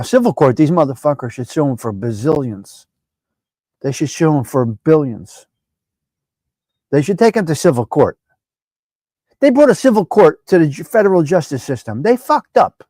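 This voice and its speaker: Loud-mouthed new host, cursing, ribbing his viewers, kinda high voice, no room sound. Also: no room sound. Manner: brash, profane and animated, heckling viewers by name. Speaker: live show host. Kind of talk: casual live-stream chat.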